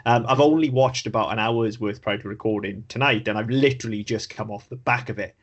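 A man's voice: fairly low pitch, brisk, lo-fi sound. A man co-hosting a casual podcast chat, rambling and sweary, with self-deprecating jokes. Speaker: podcast co-host.

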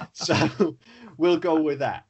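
A man's voice: on the high side, a little mellow, slight background noise. Rambling, sweary man chatting. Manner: rambling, sweary, self-deprecating. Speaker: podcast co-host. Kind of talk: casual chat.

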